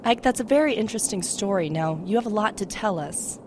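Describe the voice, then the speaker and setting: A woman's voice: mid-range voice, animated, a little fast, a little mellow, close to an everyday voice. A woman playing a mock-serious news anchor interviewing a hurricane in a comedy sketch. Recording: noisy outdoor recording.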